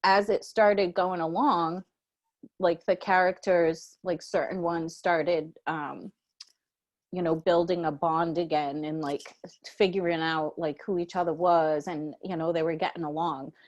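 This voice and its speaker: A woman with a fairly low voice, chatting casually as a podcast co-host. She tells stories in an animated, slangy way. When she quotes her own reactions, her voice leaps up high. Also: measured pace, muffled recording. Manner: animated storytelling, slangy, jumps to high excited pitch when quoting herself. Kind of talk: casual chat.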